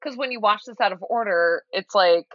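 A woman's voice: medium pitch, brisk, no echo, muffled recording. A woman guest on a podcast, chatting casually, laughing often and readily agreeing. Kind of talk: casual chat.

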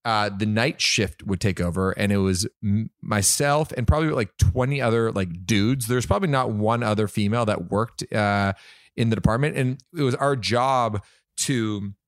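A man's voice: lowish voice, moderate pace, no echo, clean studio sound. A man, chatting casually and reminiscing as a podcast co-host. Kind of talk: casual chat.

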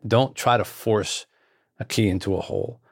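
Gravelly low-voiced man telling a story. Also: moderate pace, dry recording, studio quality. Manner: earnest, repeats phrases. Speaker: author, guest. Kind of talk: anecdotal storytelling.

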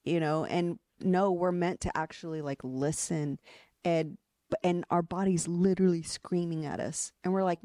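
A woman with a fairly low voice, speaking frankly and casually as a podcast guest. She swears freely and restarts her phrases often. The sound is dry and close, with no room in it. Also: steady tone, moderate pace, mellow, no room sound. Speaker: guest energy coach.

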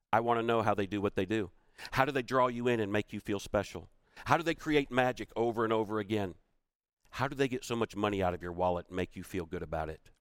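In a dry recording, a middle-aged man with a lowish voice delivers a storytelling keynote talk. He acts out the quoted voices of the people in his story.

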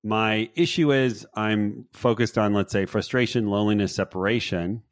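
A man with a low voice hosts a podcast chat, feeling his way through his thoughts in halting, repeated phrases. The sound is close and dry, with no room around it. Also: no room sound. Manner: halting, repeats words as he thinks aloud. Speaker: podcast host. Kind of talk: casual conversation.

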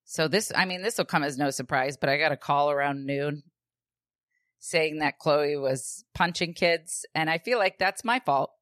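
A woman with a fairly low voice co-hosts a podcast in casual chat. She tells her story in an animated way, jumping into the voices of the people she quotes. The sound is dry and close. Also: moderate pace, no room sound. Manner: animated, acts out quoted dialogue, swears casually. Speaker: podcast co-host.

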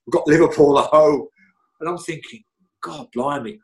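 Talking fairly quickly on the high side, a middle-aged man tells rambling, chatty stories as an interview guest, with frequent restarts and lots of "you know"s.

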